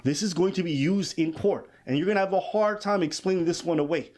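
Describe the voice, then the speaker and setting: A podcast host with a high-pitched, fast, slightly mellow voice gives emphatic, casual commentary on a legal case. He reads quotes aloud in dramatized voices.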